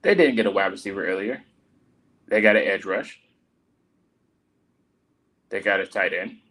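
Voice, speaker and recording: A man giving live reaction commentary, exasperated and repeating himself, his voice jumping high in disbelief. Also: moderate pace, a bit bright. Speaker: live draft reaction streamer.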